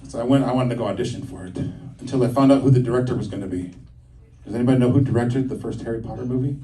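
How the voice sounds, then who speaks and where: A man doing a stand-up set on stage, landing teasing punchlines with dry pauses. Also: medium pitch. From Ojibwe community. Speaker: stand-up comedian. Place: comedy show stage on a campus, indoors. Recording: roomy stage sound from far off, loud audience laughter. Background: audience laughing.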